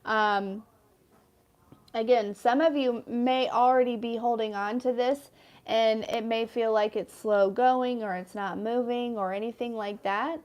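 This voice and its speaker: A woman's voice: a little high, fairly even intonation, unhurried, a little mellow, muffled recording. A woman in her thirties giving a casual tarot card reading, chatty and rambling with lots of fillers. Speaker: tarot reader.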